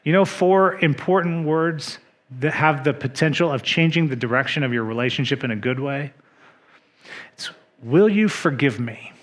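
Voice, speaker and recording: A man preaching a sermon as pastor, measured and earnest, dropping to soft emphasis on key points. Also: on the high side. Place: church.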